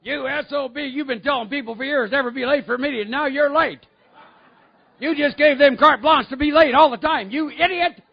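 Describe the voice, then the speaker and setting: A man putting on a shrill scolding inner voice. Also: a little fast, vocal fry, dull audio. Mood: berating. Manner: yelling, berating. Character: scolding inner voice of a male ego.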